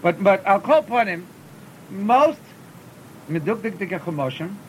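A man's voice: high-pitched, very animated, unhurried, a little hiss or hum, low-quality recording. A man teaching cantillation in a class, often repeating words as he explains and chanting short examples. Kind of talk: classroom lesson.

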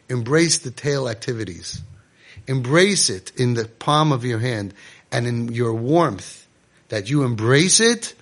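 A man's voice: mid-range voice, a bit bright. A man giving an impassioned Torah sermon to parents, emphatic and repetitive as a speaker and guide.

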